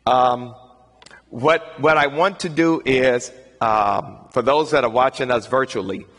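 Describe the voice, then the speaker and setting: A man leading an online Bible study, talking in a measured way with lots of fillers and repeated phrases. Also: medium pitch, a bit bright. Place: indoors, streamed to a virtual audience. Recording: long hall reverb.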